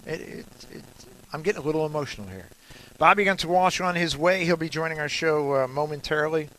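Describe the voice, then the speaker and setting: Male radio host on remote at a garden store: bright and punchy, rambling, jokey, lots of filler pauses. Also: fairly high pitch, slight background noise, low-quality recording. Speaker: radio talk show host. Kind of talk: casual radio chat.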